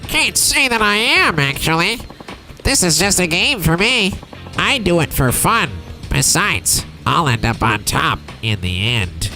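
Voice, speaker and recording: A man puts on a nasal, pinched-nose voice for a boastful young gamer villain, pitched far above his own. The delivery is slow, mocking and self-satisfied, swooping up and down as he gloats over a game scene. Faint music sits behind him. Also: big pitch swings, sharp tone, heavily acted. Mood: smug.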